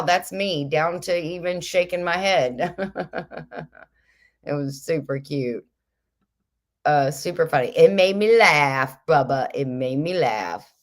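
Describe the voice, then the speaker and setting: A middle-aged woman hosting a casual livestream, reading viewer comments aloud in a chatty, kooky way, a little stuffy and headachy. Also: sits low. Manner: chatty, kooky, laughs often. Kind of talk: casual chat.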